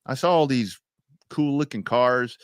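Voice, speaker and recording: A man's voice: medium pitch, a little slow, clear, resonant tone, dry recording, clean studio sound. A man co-hosting a sports talk show, telling stories animatedly and reading sponsor ads casually. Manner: animated storyteller, acts out quotes. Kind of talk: casual storytelling chat and live ad reads.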